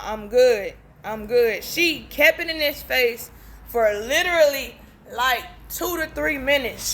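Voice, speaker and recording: Young woman ranting thru a storytime, kinda high voice, cusses a lot, plays out all the back and forth. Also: a little hiss or hum. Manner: blunt, profane, animated retelling with quoted dialogue. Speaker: storytime vlogger. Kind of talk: casual storytelling.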